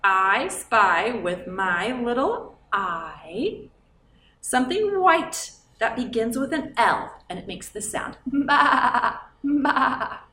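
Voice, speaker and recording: Lively sing-song storytime librarian woman. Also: on the high side, slow pace. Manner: sing-song, coaxing, asks kids questions. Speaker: children's librarian. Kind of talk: reading a picture book aloud for kids. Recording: roomy, from a distance.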